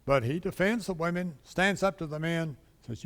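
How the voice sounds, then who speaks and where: A man's voice: a little high, moderate pace, fairly bright tone. Man, Bible class teacher, conversational, asks questions, church room with long reverb.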